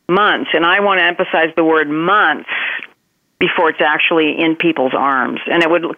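An earnest woman speaking as a guest consultant, her voice with a gravelly edge. She talks reflectively and leans on repeated phrases to drive her point home. The sound is a dry, tinny phone line. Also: sits low, dry recording. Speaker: guest consultant on crisis management. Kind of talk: podcast interview over phone.

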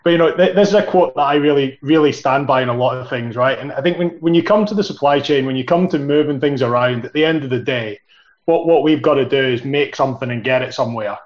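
A man's voice: medium pitch, fast. Earnest, chatty man, slightly muffled. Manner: earnest, chatty, many "you know"s and "right"s. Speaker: podcast guest. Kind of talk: casual chat.

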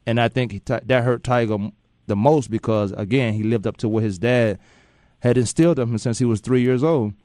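A man's voice: mid-range voice, brisk, dark tone, dry recording. A man hosts sports talk radio in a loose, joking, slangy way, rambling through his opinions. His voice sits close and dry on a studio mic. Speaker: sports talk show host.

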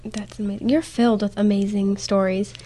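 A woman's voice: mid-range voice, little pitch movement, a little fast, warm tone. Woman host, super gushy and giggly, chatty interview vibe. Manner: enthusiastic, gushing, giggly. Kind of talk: casual interview chat.

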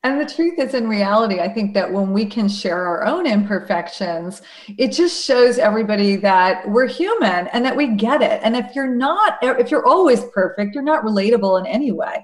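A woman's voice: on the high side, lively intonation, normal speed. Candid woman in an echoey room. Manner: earnest and candid. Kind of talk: casual chat.

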